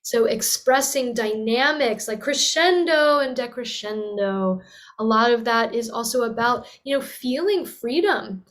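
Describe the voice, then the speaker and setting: A young woman teaches voice in an earnest, flowing way, with a fairly high speaking pitch. She breaks off to demonstrate with sighs and sung vowels. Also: moderate pace, few pauses, fairly bright tone. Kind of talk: teaching talk with vocal demonstrations.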